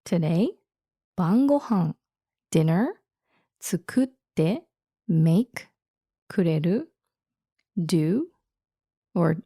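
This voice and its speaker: Gravelly-voiced woman teacher who giggles often. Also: on the low side, expressive, drawn-out words, pauses often, dark tone, no room sound, clean studio sound. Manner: giggly, explains words patiently. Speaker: language teacher. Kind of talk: casual language-lesson chat.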